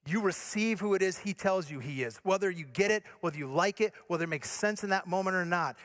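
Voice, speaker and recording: A man from Michigan preaching to his congregation in a high, bright-edged voice. He drives his points with earnest emphasis, then drops to a soft, low, near-intimate tone to let a line land. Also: brisk. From Michigan, USA. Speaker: pastor. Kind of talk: sermon.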